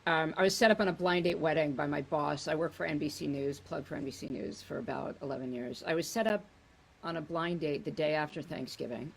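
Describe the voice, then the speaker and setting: A woman's voice: low voice, fairly quick, creaky, husky, low-quality recording. A woman in her forties, a podcast guest, telling blunt, chatty, self-deprecating stories. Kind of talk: casual comedic storytelling.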